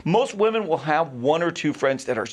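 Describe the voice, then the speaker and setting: Man, about sixty, slightly higher pitch, rambling podcast guest who repeats himself. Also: expressive, moderate pace. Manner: talkative, repeats words, digresses. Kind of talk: casual conversational interview.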